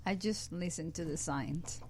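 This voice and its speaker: A woman guest in a casual podcast chat, speaking haltingly with loose grammar and many fillers. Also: on the low side, darkish tone, slight background noise. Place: around a table with others.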